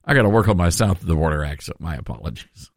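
A man's voice: sits low, expressive, quick pace, creaky, dry recording, studio quality. A male radio host giving a sarcastic, emphatic talk radio monologue, with frequent asides to his listeners.

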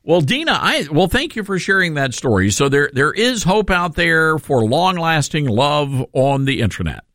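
Host a lively Tennessee-accented radio host. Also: male voice, on the high side, moderate pace, hardly any pauses, dry recording, clean studio sound. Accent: Tennessee Southern. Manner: chatty, upbeat, laughs often. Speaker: radio talk show host. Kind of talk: call-in radio chat.

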